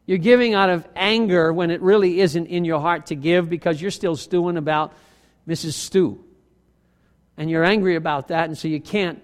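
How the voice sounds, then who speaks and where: Animated high-voiced preaching pastor. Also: male voice, long reverb tail. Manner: animated preaching, acting out quoted arguments, self-deprecating asides. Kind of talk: sermon.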